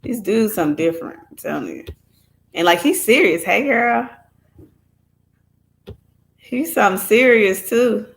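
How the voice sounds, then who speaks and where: A woman's voice: medium pitch, expressive, a little fast. A woman hosting her own channel, commenting casually on clips she plays. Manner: chatty, reacting to clips. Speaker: channel host.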